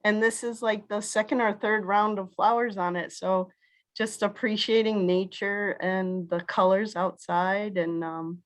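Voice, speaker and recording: Slow, halting middle-aged woman. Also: medium pitch, level tone. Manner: halting, full of ums. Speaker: participant, mother. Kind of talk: casual sharing on a video call. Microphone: video call.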